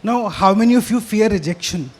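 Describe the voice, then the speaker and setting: Indian English man, bright high voice, a bit hoarse, punchy stage speaker who keeps quizzing the room. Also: a little fast. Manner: energetic, quizzes and challenges the audience. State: slightly hoarse. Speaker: business speaker. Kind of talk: interactive business talk. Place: stage in front of a live audience.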